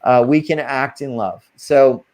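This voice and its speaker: A man with a voice of ordinary, middling pitch speaks as a guest on an interview. He talks casually but earnestly, laying out spiritual advice step by step. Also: a little slow, darkish tone.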